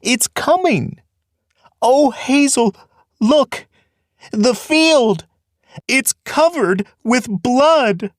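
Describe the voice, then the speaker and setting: A man voicing a timid young male rabbit seer, high and whimpering with fear in a storybook. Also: expressive, extremely slow, long pauses, no room sound, clean studio sound, full character voice. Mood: terrified. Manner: trembling, whimpering.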